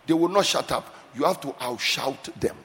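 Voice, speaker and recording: A man preaching a sermon as pastor, swelling into shouts and sing-song cadences. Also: a little high, normal speed, heavy background noise. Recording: reverberant church hall with faint music.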